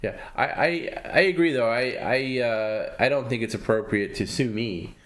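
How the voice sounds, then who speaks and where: A man's voice: mid-range voice, moderate pace, fairly bright tone. A man hosting a livestream who talks in a dry, needling way and explains things patiently. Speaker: host. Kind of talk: livestream banter.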